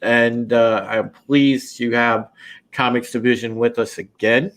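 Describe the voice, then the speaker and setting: A man's voice: mid-range voice, flat delivery, measured pace, fairly bright tone. A man hosting a podcast and running a casual live-stream panel intro, loose and chatty with many fillers and restarts. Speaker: podcast host.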